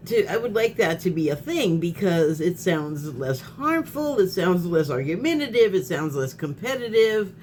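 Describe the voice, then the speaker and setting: A woman's voice: low voice, a little mellow, slight background noise. A woman vlogger in a casual spoken monologue who rambles, restarts her sentences, laughs often and gets heated.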